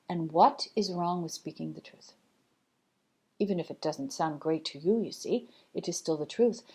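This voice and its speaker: A woman who channels spiritual messages, signing off in a light, relaxed way. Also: medium pitch. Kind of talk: casual sign-off.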